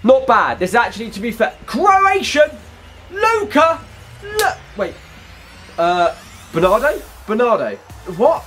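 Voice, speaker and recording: A young man commentating on his own gameplay, talking to viewers in an excitable, chatty way and shouting at big moments. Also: very high voice, a little slow, soft background music. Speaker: gaming YouTuber.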